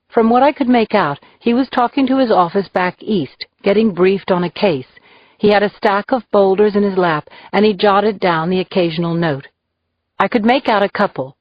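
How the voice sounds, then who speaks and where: A woman reading a crime novel aloud in measured, even audiobook narration, in a dull, dry lo-fi recording. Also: mid-range voice, no room sound.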